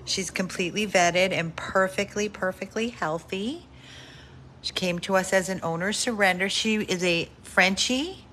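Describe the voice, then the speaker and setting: A woman from a dog rescue talking casually at home about a dog up for adoption, chatty and fond, slipping into high baby talk. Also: unhurried, fairly bright tone, slight background noise.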